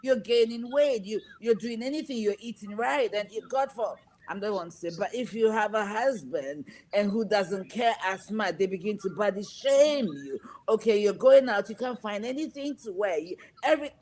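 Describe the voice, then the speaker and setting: A woman's voice: mid-range voice, lively intonation, moderate pace, few pauses, a little mellow. Earnest woman hosting a wellness talk show. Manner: earnest, empathetic, lists struggles one after another. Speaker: host.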